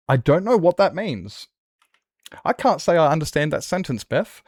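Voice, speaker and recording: A man's voice: medium pitch, sing-song, moderate pace, a little mellow, no room sound, studio quality. An Australian man chatting casually and joking with his chat while streaming a building game. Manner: joking, self-mocking banter with chat.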